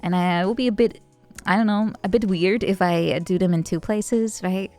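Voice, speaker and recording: Rambling young woman streamer, halting chat. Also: mid-range voice, mellow. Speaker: VTuber streamer. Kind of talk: casual chat answering viewer messages.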